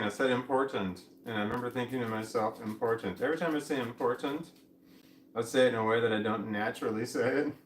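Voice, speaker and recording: Middle-aged man, rambling home vlog, roomy echo, faint background hum, camera set back. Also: mid-range voice. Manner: meandering, self-interrupting, chuckling. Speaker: vlogger. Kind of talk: rambling casual monologue. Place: home room. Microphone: camera mic at a distance.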